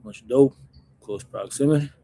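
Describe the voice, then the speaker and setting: A man hosting his own channel, telling stories in a casual, animated, slangy way, calling everyone "bro". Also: medium pitch, moderate pace, creaky, slightly rough. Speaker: channel host recounting prison life. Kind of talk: casual storytelling to camera.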